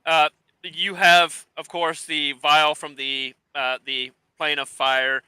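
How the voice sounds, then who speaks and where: A man serving as dungeon master, describing scenes haltingly as he narrates a tabletop game. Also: a little high, level tone, bright, forceful tone, smooth, no echo. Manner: halting, full of fillers and restarts while describing scenes.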